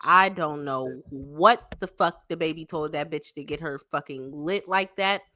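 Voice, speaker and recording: A podcast co-host in casual chat, blunt with quick reactions. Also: female voice, sits low, pushed and bright, no room sound.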